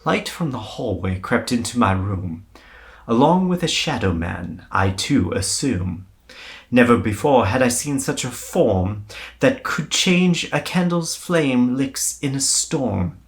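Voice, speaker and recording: A man voicing another man who slowly recites a dark poem to himself in a British accent. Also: medium pitch, lively intonation. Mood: eerie.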